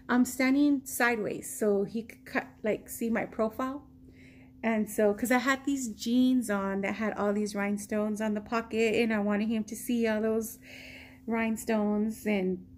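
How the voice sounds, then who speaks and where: Slow-talking, rambling woman from Texas. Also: a little high, darkish tone, slight background noise. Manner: slow, rambling storytelling full of ums, acting out quotes. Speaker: vlogger. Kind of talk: casual story time.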